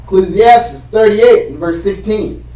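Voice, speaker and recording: A man's voice: high-pitched, measured pace, dark tone. A man reading scripture aloud in a class, plain and careful. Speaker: scripture reader. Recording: roomy classroom from far off.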